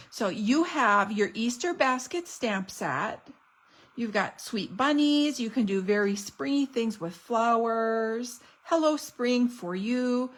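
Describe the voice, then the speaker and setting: A woman's voice: on the high side, slightly rough, poor audio. Gushing, enthusiastic woman showing crafts. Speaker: stamping demonstrator. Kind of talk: casual product unboxing.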